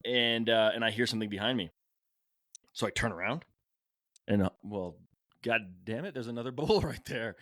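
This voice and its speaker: A man hosting a podcast, telling a hunting story in a casual, animated way and acting out what people shouted. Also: mid-range voice, fairly quick, pauses often, no room sound, clean studio sound. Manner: animated, acts out shouted quotes. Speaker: podcast host.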